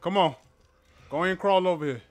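A man casually commenting on a horror game as he plays, talking to his viewers and yelling when startled. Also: high voice, fast talker, a little hiss or hum. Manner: excitable, talks to viewers, yells at jump scares. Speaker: gaming channel host. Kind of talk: casual let's-play commentary. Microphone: headphones with a mic.

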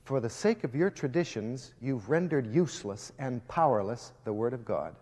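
A man quoting a gentle, solemn Jesus. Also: mid-range voice, very animated, moderate pace. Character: gentle, authoritative male Jesus, quoted. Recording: long reverb of a large hall.

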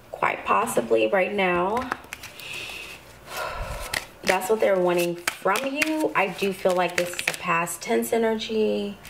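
A woman doing a tarot reading to camera, calm and spiritual, with sudden excited outbursts. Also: medium pitch, background noise. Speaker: tarot reader.

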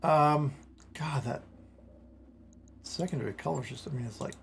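At home, a man casually commentates his strategy game stream in a slightly high, creaky voice, taking his time. He rambles, cuts himself off, and gets excited over small things. A little hiss or hum sits under the audio.

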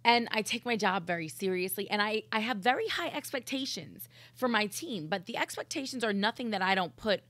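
A woman's voice: medium pitch, expressive, a little fast, few pauses, a bit bright, dry recording. A woman who co-hosts a podcast and a morning radio show, talking in an intense, blunt, profane way in a casual chat. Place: studio.

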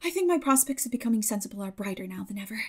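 A woman's voice: mid-range voice, lively intonation, very fast, breathy edge. A woman voicing a proud, spirited and talkative young girl, speaking in an earnest, declaiming way in an audiobook. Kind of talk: audiobook character voice.

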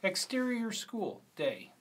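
A man's voice: sits high, huge pitch swings, takes it slowly, slightly rough. A middle-aged man casually reading his own screenplay aloud, with fillers and self-corrections. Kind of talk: screenplay read-through.

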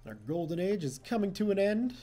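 Young male let's-play host, mellow tone, lively swinging pitch, faint music underneath. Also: fairly quick. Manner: chatty, self-mocking, laughs often. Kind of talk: casual gameplay commentary.

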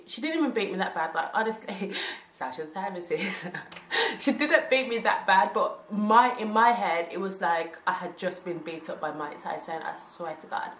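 Animated young woman, roomy echo. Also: fairly low pitch. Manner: animated, slangy, laughing storyteller. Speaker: vlogger. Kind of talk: storytime vlog.

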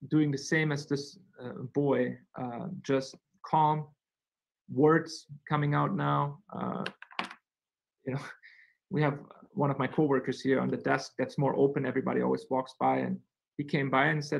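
Gravelly man, halting with fillers. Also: mid-range voice, rough recording. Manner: halting, many fillers and restarts. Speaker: physician guest. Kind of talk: conversational webinar explanation.

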